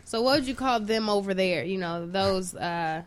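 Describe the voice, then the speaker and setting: A woman from Chicago hosting a casual chat, playful and quick to joke. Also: medium pitch.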